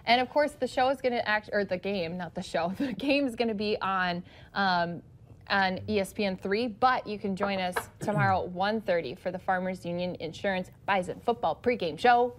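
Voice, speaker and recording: A woman's voice: medium pitch, moderate pace, a little hiss or hum. A woman co-hosting a morning show, chatting casually and laughing often. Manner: giggly, chatty and animated. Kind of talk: casual chat.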